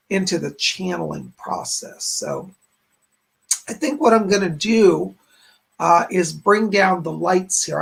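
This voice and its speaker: A man's voice: high-pitched, creaky, fairly bright tone, slightly rough. A man who is a psychic medium, hosting a live stream in a chatty, rambling way and greeting viewers by name. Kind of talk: casual live-stream chat.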